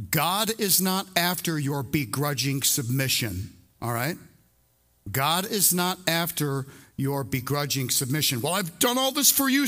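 Bright-voiced, emphatic male preacher. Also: fairly high pitch. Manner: emphatic, conversational, repeats key phrases. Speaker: pastor. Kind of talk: sermon. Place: church service before a congregation.

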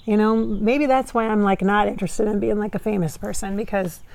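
Chatty medium woman with a gravelly edge. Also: medium pitch, fairly even intonation, fairly quick, darkish tone, dry recording. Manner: chatty and rambling, many fillers, laughs often. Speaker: psychic medium channeling a spirit. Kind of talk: casual chat to camera, reading viewer comments.

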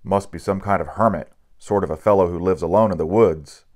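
A kindly middle-aged farmer in a storybook, read by a man in his own voice. He talks low and plainly, with a gentle, worried manner. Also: fairly quick, close to an everyday voice.

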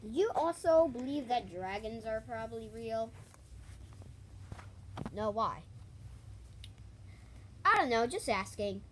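A woman acting out a fan toy role-play in an excitable way, with frequent shrieks. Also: a little high, takes it slowly, pauses often, slight background noise.

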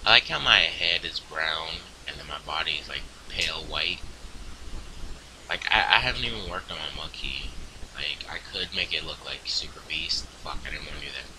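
Young male gamer host, deep but animated, bright edgy tone, crude rants that spike into yelling, faint hiss behind. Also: moderate pace, rough recording. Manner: crude, profane, swings into loud outbursts. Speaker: gaming video host. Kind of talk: casual gameplay commentary.

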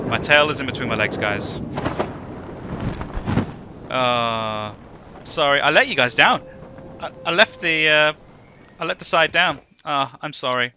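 A man's voice: medium pitch, background noise. Self-mocking gamer man. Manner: self-mocking, rambling, exclaims loudly. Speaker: gaming YouTuber. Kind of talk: casual gameplay commentary.

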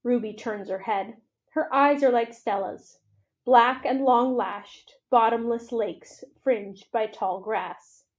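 A woman reading a children's novel aloud for a library, with expressive, steady storytelling. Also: fairly high pitch, takes it slowly, highs cut off.

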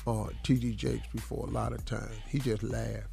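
A man's voice: on the low side, flat delivery, moderate pace, creaky, over music. A male radio morning show host in a studio, talking in a laid-back, slangy way and telling stories in casual chat. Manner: laid-back and slangy, often says "dog" and "man". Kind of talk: casual storytelling chat and motivational talk.

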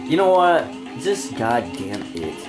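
A man's voice: mid-range voice, big pitch swings, takes it slowly. A young man playing a video game and ranting, irritable and constantly swearing, with game music behind him. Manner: foul-mouthed, irritable, ranting. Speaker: gamer. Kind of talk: profane let's-play rant.

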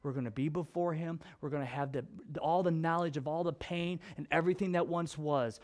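A pastor with a fairly high-pitched voice preaches, mixing scripture with a story from home. He talks in a loose, conversational way and moves between emphatic and hushed. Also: steady tone, fairly quick, few pauses. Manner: conversational with restarts and fillers. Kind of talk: sermon with personal storytelling.

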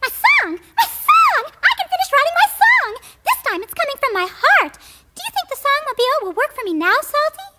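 A woman voicing an ambitious, dramatic young female church mouse in a children's musical audio drama, with a theatrical, excitable delivery. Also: very high-pitched, brisk, heavy background noise. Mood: relieved, eager. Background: music underneath.

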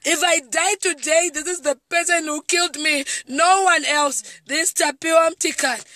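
A woman's voice: very high voice, steady tone, moderate pace, sharp tone, no echo. A distraught Zimbabwean woman in tears, speaking in a repetitive, pleading outburst on a live video. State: tearful and distraught. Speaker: comedian. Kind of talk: emotional live video monologue. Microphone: phone.

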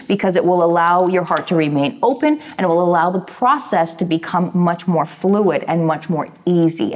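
A woman talks through a recorded tarot reading. She speaks in a calm, soothing and encouraging way. She often checks in with the listener by asking "right?". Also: on the low side. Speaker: tarot reader.

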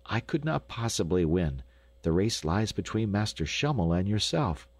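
A man voicing an earnest, humble young boy skater with a husky voice, pleading urgently in an audiobook. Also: on the low side, big pitch swings, moderate pace, no room sound, heavily acted. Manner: urgent, imploring, raised voice. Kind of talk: audiobook character voice.

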